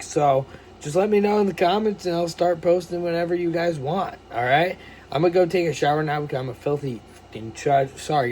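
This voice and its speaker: A man's voice: a little high, a little mellow, slight background noise. Casual swearing young man vlogging. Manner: loose, jokey, swears often, talks to viewers as "boys". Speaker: fitness vlogger. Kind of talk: casual vlog talk to camera.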